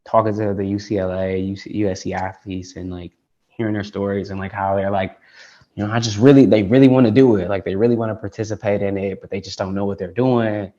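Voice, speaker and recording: Over dull lo-fi call audio, a tech founder from Detroit, United States, gives a rambling, casual interview packed with "like" and restarts. He speaks fast in a fairly low, mellow voice with a steady tone.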